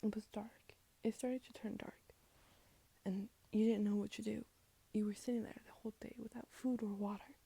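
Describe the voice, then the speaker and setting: A woman voice actor telling a second-person story to the listener, softly whispered as a role-play. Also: medium pitch, level tone, moderate pace, creaky, husky.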